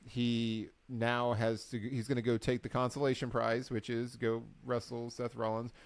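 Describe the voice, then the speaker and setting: A man co-hosting a casual recap show, telling the story with lively acted-out quotes. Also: mid-range voice, moderate pace, dry recording. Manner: animated storyteller, acts out quotes. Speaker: podcast co-host. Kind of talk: casual chat.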